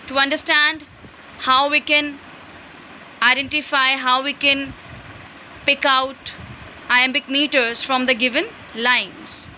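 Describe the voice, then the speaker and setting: A woman's voice: high-pitched, little pitch movement, takes it slowly, pauses often, sharp tone, slight background noise, low-quality recording. A woman explaining a lesson from slides, step by step with restarts. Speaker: English teacher.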